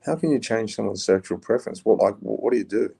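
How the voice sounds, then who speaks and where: Low gravelly aussie bloke, dark mellow tone, blunt, keeps saying mate. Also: male voice, fast. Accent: Australian. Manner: blunt, rough-spoken storyteller, swears, says "mate". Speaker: podcast guest, former prisoner. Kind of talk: casual interview talk.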